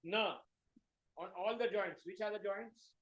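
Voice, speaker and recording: A man's voice: high-pitched, unhurried, a bit bright, highs cut off. Man leading a scripture class. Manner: prompts with short questions, repeats words back.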